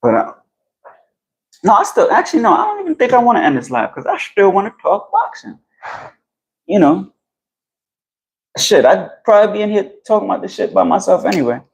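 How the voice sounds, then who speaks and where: A man chatting on a phone live stream outdoors, rambling and profane. His voice sits a little high for a man and rises when he gets worked up. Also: very animated, brisk, gravelly, pauses often, poor audio. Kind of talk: casual live-stream chat about boxing. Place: outdoors in the heat. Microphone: phone held while walking outdoors.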